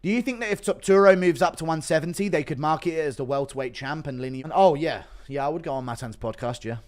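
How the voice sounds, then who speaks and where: A man's voice: a little high, fast. A man hosting a casual livestream, reading donations, laughing and swearing freely. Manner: profane, laughing, animated. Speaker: livestream host.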